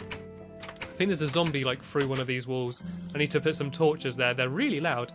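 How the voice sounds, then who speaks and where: Chatty British man narrating his game. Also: normal speed. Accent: British English. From Britain. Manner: chatty, breaks into high panicked yelps. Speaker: gaming video creator. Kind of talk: casual game commentary. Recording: faint music behind.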